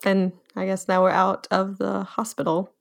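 A woman's voice: medium pitch, monotone, vocal fry. A woman player in a tabletop role-playing game, speaking her character's lines and actions with intensity. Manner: intense, fast in-character confrontation.

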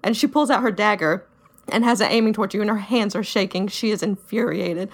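A woman player in a tabletop role-playing game, speaking her character's lines and actions with intensity. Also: mid-range voice. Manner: intense, fast in-character confrontation.

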